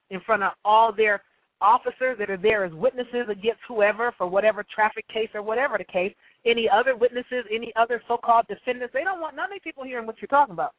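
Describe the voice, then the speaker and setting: A woman hosting a live talk show, explaining legal matters in a blunt, profane, fast-talking way and reading out messages from listeners. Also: a little high, no room sound, poor audio. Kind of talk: live call-in talk monologue.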